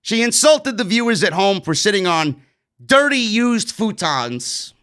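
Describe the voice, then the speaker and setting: Brash New York guy with a high, bright voice, sarcastic, swearing, ranting through a show recap. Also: sing-song, a little slow, smooth. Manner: blunt, sarcastic, swears, rants. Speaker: wrestling show reviewer. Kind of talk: casual recap commentary.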